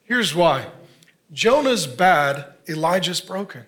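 Man, 50s, pastor, high voice, earnest conversational sermon, quick asides. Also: very animated, fairly bright tone.

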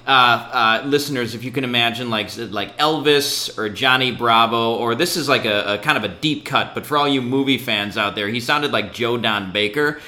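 A man's voice: medium pitch, normal speed, hardly any pauses, bright, forceful tone. A man co-hosting a podcast, telling a story in a hesitant, filler-heavy way. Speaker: podcast co-host. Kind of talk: casual chat.

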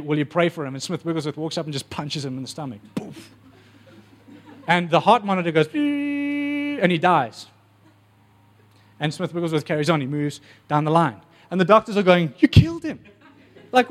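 A man preaching a sermon, telling stories with animated energy and acting out the voices. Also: on the high side.

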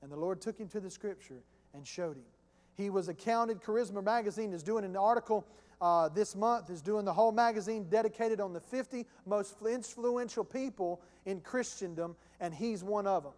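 A male pastor with a notably high voice preaches a sermon, emphatic and repetitive but conversational. His words echo with the long reverb of a church hall. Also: moderate pace, a little mellow.

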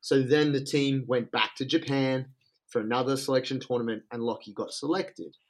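An excitable Australian man telling a story in casual, slangy talk. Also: mid-range voice, moderate pace.

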